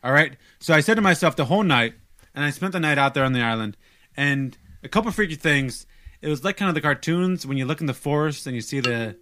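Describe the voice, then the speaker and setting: A young man casually telling a long story on a podcast, animated and self-mocking, stumbling over restarts. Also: a little high, fast, slight background noise.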